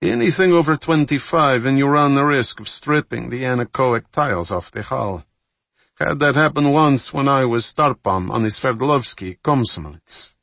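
A man reading as a seasoned submarine captain who speaks in a gruff, matter-of-fact way. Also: medium pitch, moderate pace, fairly bright tone, no echo, pitched above the performer's own voice. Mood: brisk.

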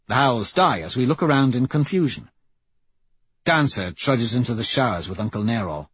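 A man reading a novel aloud as a first-person audiobook narrator, in a steady, measured way. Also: mid-range voice, slightly rough, highs cut off.

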